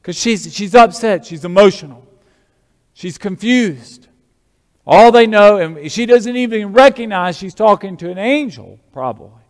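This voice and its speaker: A man preaching an Easter-style sermon as a pastor, with an animated, rising and falling delivery. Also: high-pitched, unhurried, big-room sound.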